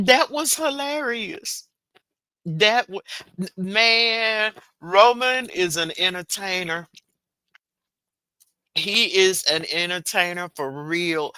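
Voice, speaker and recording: A woman's voice: mid-range voice, bright, forceful tone, clean tone, no echo. A woman hosting a casual livestream, talking straight to her viewers about their comments and keeps breaking into helpless laughter. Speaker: livestream host. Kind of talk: casual live chat reacting to viewer comments.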